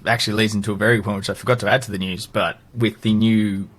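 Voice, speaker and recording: An Australian man on a casual podcast who talks fast in a husky, slightly low voice. He chimes in with quick remarks between the others. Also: level tone, fairly bright tone. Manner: quick interjections. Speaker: podcast co-host. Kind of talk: casual chat.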